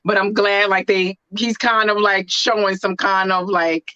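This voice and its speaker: A woman's voice: medium pitch, little pitch movement, a little slow, bright, forceful tone, clear, resonant tone, dry recording. Emphatic woman, dry dull sound. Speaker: reality TV podcast co-host. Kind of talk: casual chat.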